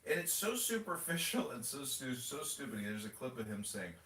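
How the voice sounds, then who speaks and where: A man's voice: mid-range voice, sing-song, normal speed, a bit bright, far from the mic. A man chatting casually on a podcast, rambling and mocking with plenty of profanity. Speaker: political candidate and podcast host. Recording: roomy audio from away from the mic with faint noise.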